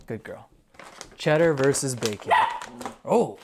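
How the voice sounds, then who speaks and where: A dog owner hosting a casual video, giving a puppy quick commands and upbeat play-by-play commentary. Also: mid-range voice, very noisy.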